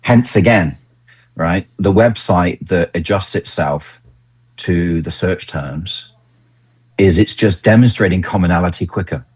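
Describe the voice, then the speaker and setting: Husky deep-voiced man, dry sound. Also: measured pace, no echo. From Britain. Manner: enthusiastic, animated when acting out quotes. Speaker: engagement consultant, podcast guest. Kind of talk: casual conversational interview.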